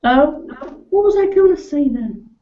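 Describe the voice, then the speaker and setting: Woman, lively voice, hesitant chatty questions, dull lo-fi audio. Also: high-pitched, a little slow. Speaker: co-host. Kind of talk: casual live chat.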